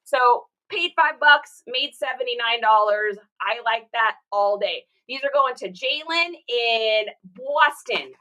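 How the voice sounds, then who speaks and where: Bright, chatty woman reseller. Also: fairly high pitch, animated, slow pace, few pauses, rough recording. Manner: chatty and upbeat, greets viewers by name. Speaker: reseller livestreaming her shipping. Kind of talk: casual livestream chat.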